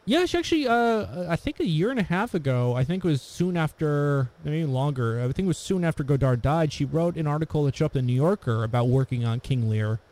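A man talks in a relaxed, mellow voice, wandering through his thoughts with plenty of fillers and restarts. It is casual, unhurried chat between friends. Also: fairly high pitch. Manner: rambling, hesitant, many fillers and restarts. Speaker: podcast co-host discussing films.

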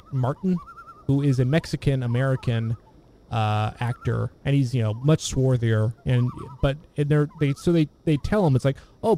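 A man's voice: mid-range voice, warm tone. A man chatting casually about old films, rambling with many restarts and fillers. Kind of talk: casual film discussion.

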